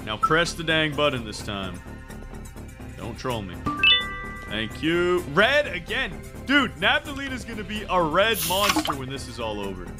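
Frantic, excitable gamer man. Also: fairly high pitch, measured pace. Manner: frantic, excitable, self-mocking. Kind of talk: let's play commentary. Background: loud game music.

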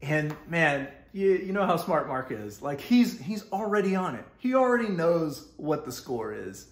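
A man's voice: on the high side, sing-song, unhurried, reverberant. Rambling Texan man telling a story. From Texas. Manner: rambling with many fillers and restarts, laughing often. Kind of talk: casual storytelling.

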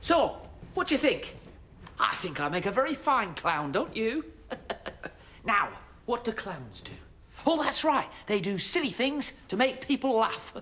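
A man's voice: sits high, big pitch swings, measured pace, pushed and bright, husky, full character voice. A man playing a cheerful, fussy engine driver in a children's show, talking to viewers with exaggerated expression. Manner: exaggerated, chatty, addresses viewers. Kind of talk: children's TV acting.

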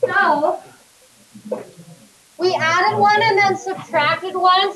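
A high-pitched woman teaches a classroom math lesson, quizzing her students and guiding them through each step. Her voice is picked up from a distance in the classroom. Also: animated, a little slow, pauses often, pushed and bright, echoey room, slight background noise. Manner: questioning, coaxing students step by step. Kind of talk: classroom lecture.

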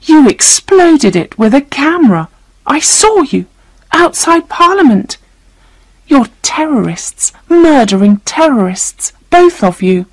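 A woman's voice: lowish voice, animated, a little slow, dry recording. A woman reading a storybook voices a frightened, angry young woman who accuses her captors through tears. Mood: accusing. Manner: accusing, tearful.

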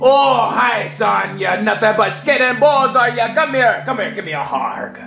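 A man's voice: extremely high pitch, expressive, measured pace, vocal fry, sharp tone, soft background music, heavily acted. A man voicing an older pirate-talking dad with a growly, hearty manner. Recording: roomy echo.

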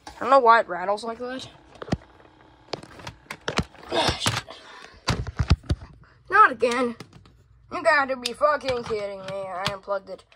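A woman's voice: fairly high pitch, animated, a little slow, pauses often. A woman casually narrating a home vlog while fumbling with gear and cursing often, recorded on a phone. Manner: rambling, swears a lot, fumbles with gear. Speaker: fan collector vlogger. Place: home room. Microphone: phone camera. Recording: phone video with loud fan noise behind.

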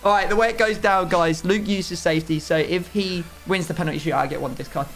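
A man giving excitable, playfully outraged commentary while playing a football video game. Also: high-pitched, quick pace, faint music behind. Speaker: gaming YouTuber.

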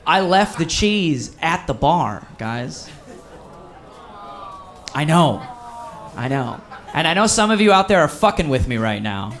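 This cheerful stand-up comedian from Wisconsin has a slightly high male voice and a somewhat slow delivery with frequent pauses. Performing live, he tells an animated story with acted voices, drawing laughter from the crowd.

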